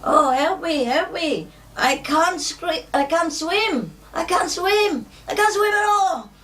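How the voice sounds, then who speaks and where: A woman voicing a panicked drunk man who has fallen into the water, shrieking in a high voice. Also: lively intonation, takes it slowly, a bit bright, recorded from a distance, heavily acted. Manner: frantic high-pitched shrieking.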